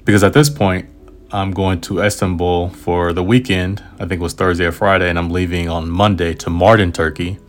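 A man's voice: low-pitched, fairly even intonation, brisk. An American man, a travel writer, casually telling a travel story in a rambling, self-aware way with asides and restarts. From United States.

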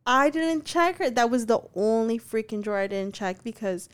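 A young woman with a smooth, resonant voice, pitched a bit high, chatting casually as a podcast co-host. She tells the story freely, peppering it with "like" and curses. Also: lively intonation, moderate pace. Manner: chatty, full of "like" fillers, swears freely.

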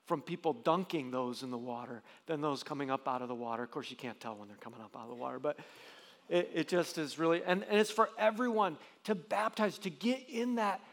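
A man's voice: a little high, a little fast, fairly bright tone, long reverb tail. A man preaching a sermon as pastor, earnest, with frequent restarts and rising emphasis.

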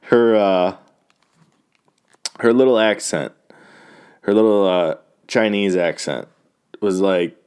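A man's voice: fairly low pitch, slow, long pauses, a little mellow, clear, resonant tone. A man giving a loose, rambling and profane recap of fight results, full of fillers and restarts. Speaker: fight fan recapping a card. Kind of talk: casual talk.

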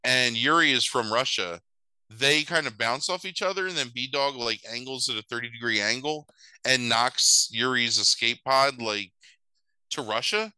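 Man, podcast co-host, lively sarcastic storytelling, very bright voice, dry close sound. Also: mid-range voice, normal speed, clear, resonant tone, dry recording, low-quality recording. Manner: animated, profane, sarcastic storytelling. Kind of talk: casual chat recapping a movie.

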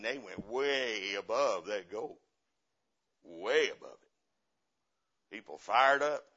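A middle-aged man preaching a sermon as a guest missionary, telling stories in an impassioned way that swings from loud to quiet and repeats phrases for emphasis. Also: lowish voice. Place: church. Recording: dull lo-fi sermon recording.

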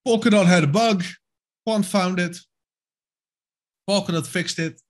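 A man's voice: high-pitched, measured pace. A man co-hosting a casual crypto podcast, rambling with many fillers and restarts and reading from articles. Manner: reads quotes aloud from an article. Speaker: podcast co-host.

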